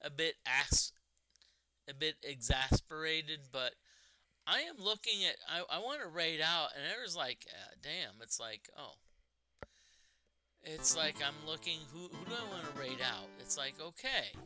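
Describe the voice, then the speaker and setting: A man streamer chatting casually while gaming, rambling and halting, often repeating his words. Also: on the high side, sing-song, bright, forceful tone, dry recording, soft background music.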